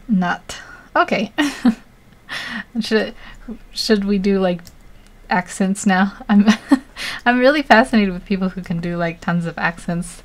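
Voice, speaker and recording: Giggly woman chatting while she draws. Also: lowish voice. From United States. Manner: giggly, laughs often, self-deprecating. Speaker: artist livestreaming. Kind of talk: casual chat while drawing.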